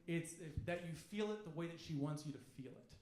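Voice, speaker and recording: Guy doing standup, brash, swears a lot, highish voice, echoey club room. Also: brisk, darkish tone. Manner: brash, swears freely, acts out quoted voices. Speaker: stand-up comedian. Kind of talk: stand-up comedy set. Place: comedy club stage. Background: audience laughing.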